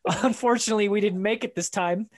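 A man's voice: high voice, fast talker. A man from Iceland co-hosting a casual football podcast, joking and sarcastic as he chats. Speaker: podcast co-host. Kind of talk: casual sports chat.

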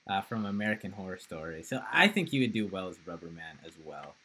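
A man co-hosting a casual podcast, joking and rambling with quick laughs. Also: deep voice, animated, sharp tone, slight background noise, rough recording. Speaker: podcast co-host. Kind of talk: casual chat.

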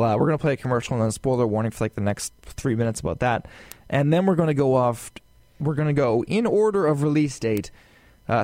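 A man co-hosting a casual gaming podcast, talking in a rambling, animated way with lots of fillers and asides. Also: mid-range voice, dry recording. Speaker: podcast co-host.

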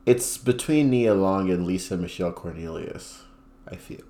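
A man's voice: low-pitched, lively intonation, moderate pace, dark tone. A young man chatting casually as a quiz contestant, hesitant and trailing off, laughing often. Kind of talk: casual chat.

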